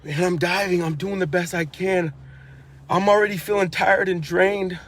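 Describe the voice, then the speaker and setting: The man's voice is high and a bit bright, steady in tone and moderate in pace. He's an eyewitness telling his own story with emotion and sincerity, going over the same ground and starting sentences afresh while he grows increasingly urgent.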